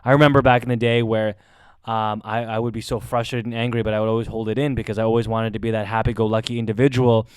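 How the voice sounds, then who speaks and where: A man hosting a podcast, giving a heartfelt monologue in an emphatic way full of swearing, often rising into loud bursts. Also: fairly low pitch, little pitch movement, fast, smooth, dry recording, clean studio sound. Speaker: podcast host.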